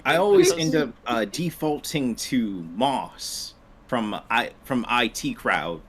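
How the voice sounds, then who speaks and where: A man's voice: medium pitch, big pitch swings, slow pace, vocal fry, husky. A man, a voice actor, chatting casually on a live stream in an easygoing way, often laughing mid-sentence.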